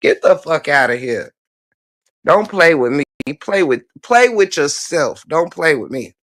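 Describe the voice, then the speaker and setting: A woman livestream host talks at a slow, deliberate pace, hammering her points with blunt, profane repetition. She keeps coming back to the viewers and answers their comments directly. The sound is dry and close, with no room around it. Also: low-pitched, sing-song, dry recording.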